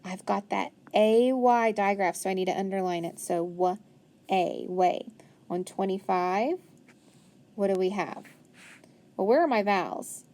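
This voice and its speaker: A woman's voice: mid-range voice, unhurried, a little mellow. A woman teaching a phonics lesson, patiently sounding words out and praising often. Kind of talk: phonics lesson, working through a worksheet.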